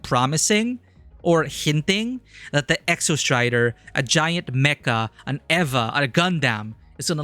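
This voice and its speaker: Excitable man rambling over a game. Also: fairly high pitch, no room sound. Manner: enthusiastic, rambling, full of "like". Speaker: streamer, filmmaker. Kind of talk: casual live game commentary.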